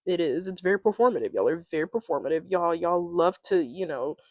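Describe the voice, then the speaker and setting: A woman's voice: on the low side, animated, fairly quick, a little mellow, no room sound. Woman, casual opinion vlog, emphatic, repetitive, exasperated, dry close recording. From America. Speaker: commentary vlogger. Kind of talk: casual opinion rant to camera.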